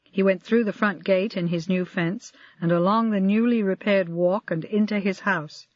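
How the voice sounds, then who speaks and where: An audiobook narrator reading a crime novel in an even, measured way. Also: medium pitch, dry recording. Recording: dry, slightly dull lo-fi audio.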